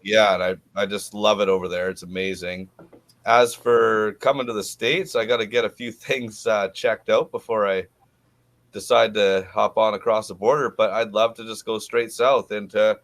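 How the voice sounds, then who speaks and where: A man's voice: on the low side, fairly even intonation, moderate pace, dry recording. A man talking as a guest on a podcast, an easygoing storyteller who laughs easily. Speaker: podcast guest, gold prospector. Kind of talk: casual podcast interview.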